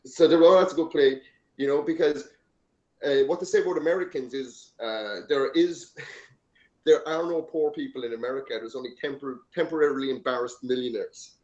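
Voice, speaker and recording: A man's voice: mid-range voice, brisk, darkish tone. An Irish man with an Irish accent, chatting casually in a rambling, anecdotal way and swearing freely. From Ireland. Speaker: podcast host. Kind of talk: casual chat. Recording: echoey, dull lo-fi room sound.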